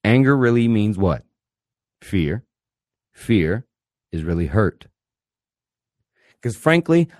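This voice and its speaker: A man hosting a podcast, giving blunt, fervent counsel full of swearing and swinging between loud and quiet. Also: on the low side, big pitch swings, slow pace, long pauses, no room sound, clean studio sound. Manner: blunt, swears constantly, mocks therapist clichés. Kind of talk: blunt profanity-laden monologue.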